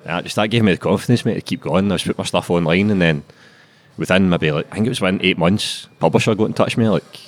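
A man's voice: deep voice, fast talker. A young man in his twenties with a Glaswegian Scottish accent, a guest author chatting casually and swearing freely. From Glasgow, Scotland. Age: 20s. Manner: swears often, laid-back and chatty. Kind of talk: casual interview chat.

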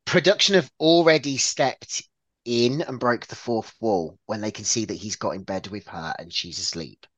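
Lively, stammering male podcast guest. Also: fairly low pitch, normal speed, no room sound. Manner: lively storyteller, stammers and restarts. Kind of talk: casual podcast chat.

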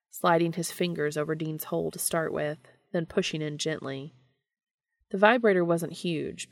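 A woman narrating a story aloud in a steady, even reading voice. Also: sits low, creaky, no room sound. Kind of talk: audiobook reading of fan fiction.

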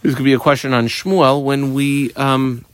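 A man teaches a Talmud page, translating each phrase as he goes. His voice sits at an ordinary middle pitch, and the recording is dry and close, with no room sound. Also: moderate pace, dry recording. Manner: explains each Aramaic phrase in English, steady teaching cadence. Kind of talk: daf yomi Talmud lesson.

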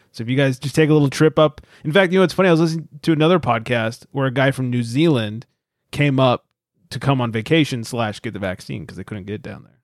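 A man co-hosts a podcast in casual, joking banter. His voice has a middle pitch and a dry, close sound. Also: no echo. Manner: enthusiastic and joking. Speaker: podcast co-host.

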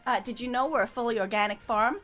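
A woman's voice: fairly high pitch, fast talker, a bit bright. A woman playing a tabletop role-play game, chatty and friendly in character. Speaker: player.

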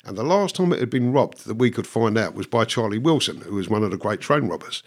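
A man's voice: on the low side, animated, fast. A man, a guest who tells his stories bluntly, swears and laughs at himself. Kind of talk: casual storytelling.

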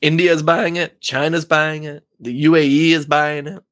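A man's voice: fairly high pitch, flat delivery, normal speed, a bit bright, no room sound. A man co-hosting a podcast in casual chat, talking loosely with frequent swearing and laughter. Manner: loose, profane, laughs often. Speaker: podcast co-host.

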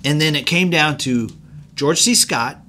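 A man chatting casually as a podcast co-host, his voice bright and somewhat high for a man. He tells stories about old films with relish and slips quick quoted lines into the telling. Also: slight background noise. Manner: storytelling, acts out quotes in quick asides. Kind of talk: casual chat about film history.

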